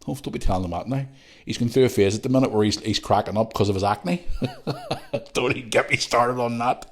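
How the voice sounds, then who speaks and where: A man's voice: medium pitch, wildly swooping pitch, a little fast. A middle-aged man with a Northern Irish accent, hosting a podcast and chatting casually as he reads out listener messages, with jokey, rambling asides. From Northern Ireland. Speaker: podcast host.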